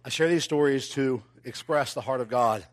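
A man preaching, telling a personal story with animated, rising delivery that drops to quiet, intimate moments. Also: medium pitch, normal speed. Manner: animated, builds to loud excited telling. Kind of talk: sermon storytelling.

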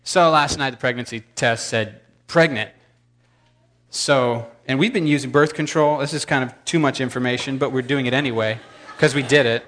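A man's voice: mid-range voice, normal speed, fairly bright tone. A man in his thirties telling a rambling, self-deprecating story to a congregation. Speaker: preacher.

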